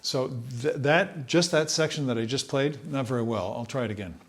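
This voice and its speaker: A man teaching trumpet, talking in a relaxed, thoughtful way and sometimes singing short phrases to demonstrate. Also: medium pitch, moderate pace, faint music behind. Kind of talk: instructional talk.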